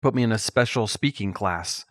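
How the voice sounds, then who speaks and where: Man with a slight lisp, pausing to think. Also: fairly low pitch, fairly bright tone, no echo, clean studio sound. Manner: thinks aloud, pauses often mid-sentence. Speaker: podcast co-host. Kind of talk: casual unscripted chat.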